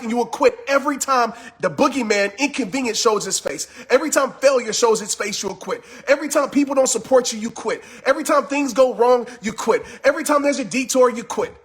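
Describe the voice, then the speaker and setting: A man giving a fired-up motivational talk on a live stream, yelling with intense, repetitive, preachy urgency, just after a workout. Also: extremely high pitch. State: just finished working out. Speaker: motivational speaker.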